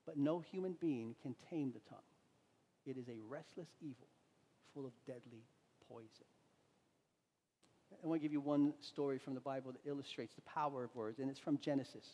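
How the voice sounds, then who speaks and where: A man's voice: medium pitch, brisk, long pauses, dark tone, in a large hall. A man preaching a sermon, retelling a story in a conversational way with frequent restarts.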